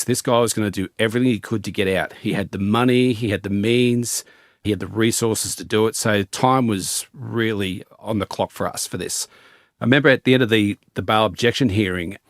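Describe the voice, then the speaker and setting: A middle-aged man, a former police detective, recounting a case in an interview in a measured storytelling manner with fillers and restarts. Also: on the low side, dry recording, clean studio sound. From Australia.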